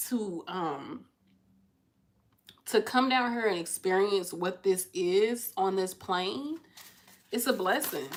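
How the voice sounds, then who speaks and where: Woman tarot reader, casual and effusive, slangy, mid pitch, faint hiss behind. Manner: chatty, effusive, slangy, addresses viewers as y'all. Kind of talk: casual pick-a-card reading.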